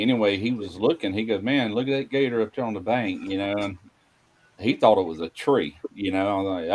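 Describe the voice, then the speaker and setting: A man's voice: fairly low pitch, moderate pace, slight background noise, rough recording. A man from Mississippi, telling rambling stories in a casual chat, full of "anyway" and "you know.". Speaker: podcast host.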